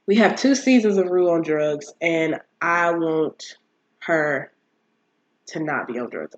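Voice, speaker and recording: A woman hosting a casual solo podcast, talking in a chatty, animated way with many fillers and restarts. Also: low-pitched, lo-fi sound. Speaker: podcast host.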